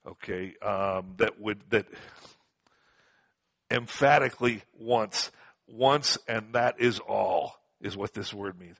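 A man's voice: fairly low pitch, slow pace, creaky, fairly bright tone, dry recording. A man teaching a Bible passage verse by verse to a live group, conversational, repeating words for emphasis and asking rhetorical questions. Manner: frequent fillers and rhetorical questions.

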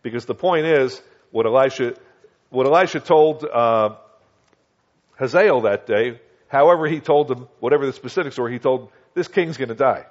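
The clip, a dull lo-fi recording, features a man preaching a conversational Bible lesson. He checks in often with "Okay?" and "do you understand?", reads scripture slowly, and performs quoted voices in a higher register.

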